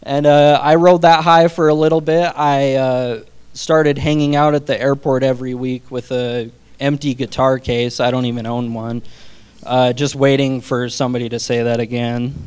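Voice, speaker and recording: A man's voice: medium pitch, flat delivery, moderate pace, darkish tone, smooth. A young man doing a self-deprecating stand-up set on a theater stage, chuckling between jokes. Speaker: stand-up comedian. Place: theater stage before a live audience.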